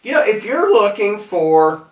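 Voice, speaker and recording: A man's voice: high voice, big pitch swings, a little slow. A man with a Southern accent giving a casual, rambling talk on self-improvement, in a folksy way with many restarts. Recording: echoey room, mic at a distance.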